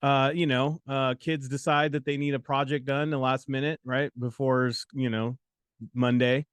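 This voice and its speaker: A man's voice: mid-range voice, little pitch movement, moderate pace, smooth, dry recording. Preachy, repetitive male study coach, dry sound. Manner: preachy and repetitive, with joking asides. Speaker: exam prep coach and host. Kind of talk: motivational talk on a study livestream.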